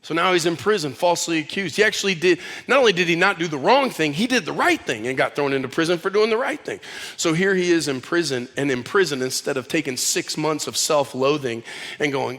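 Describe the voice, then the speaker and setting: Guy preaching in a big echoey hall, chatty and animated, tells it like a story. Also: fairly high pitch, fairly quick. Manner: animated, conversational storytelling with casual slang. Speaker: pastor. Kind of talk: sermon. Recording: long hall reverb.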